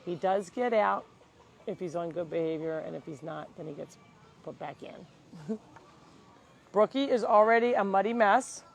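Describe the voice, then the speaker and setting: Her mid-range voice is unhurried and creaky, with frequent pauses, cut-off highs, and a bit of hiss or hum on the handheld mic. She runs an animal sanctuary and is casually chatting on a live outdoor farm tour, cooing baby-talk at the animals.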